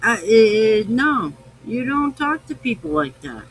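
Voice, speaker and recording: A man's voice: high voice, sing-song, slow, fairly bright tone, a little hiss or hum, rough recording. A tipsy man hosting a live podcast, rambling, swearing freely and affectionate. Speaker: podcast host. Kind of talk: casual live-stream chat.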